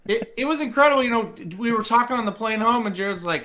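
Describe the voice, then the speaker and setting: A man co-hosting a casual podcast, telling animated stories and laughing often. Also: high voice, fast talker, few pauses. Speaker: podcast co-host, site owner.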